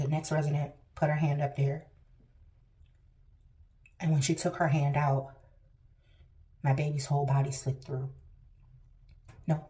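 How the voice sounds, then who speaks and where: A woman vlogger telling a personal story to camera, emotional and at times tearful, acting out what people said with big swings in her voice. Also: mellow. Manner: emotional, acts out quotes with big pitch jumps.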